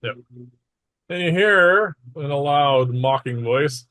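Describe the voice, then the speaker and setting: A man running a tabletop game as game master, narrating in a relaxed, matter-of-fact way with small asides. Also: on the high side, slow pace, no room sound.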